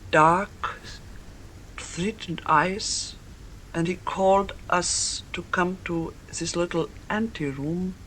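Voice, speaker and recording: Older woman, slow halting testimony, mid pitch, gunfire behind. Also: background noise. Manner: slow, halting, with restarts and non-native grammar. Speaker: eyewitness interviewee. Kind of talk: recalled testimony.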